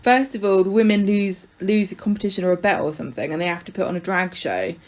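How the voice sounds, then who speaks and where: A woman's voice: medium pitch, fast talker. A woman co-hosting a podcast, chatty and wry as she recounts episodes. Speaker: podcast co-host. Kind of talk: casual chat.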